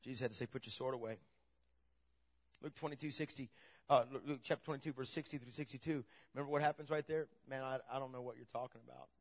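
A man preaching a sermon, telling the story in a lively way that swings from loud emphasis to a hushed near-whisper. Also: medium pitch, fast. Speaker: pastor. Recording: dull lo-fi sound.

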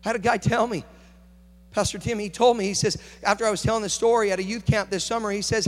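A man preaching a conference sermon, moving between hushed storytelling and loud, urgent preaching. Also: high-pitched, fairly even intonation, quick pace. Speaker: pastor. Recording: long hall reverb.

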